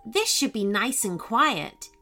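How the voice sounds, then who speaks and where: A woman voicing a spirited young girl who is quick to anger in a children's storybook reading. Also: a little high, very animated, gravelly, bright, forceful tone, faint music behind, full character voice.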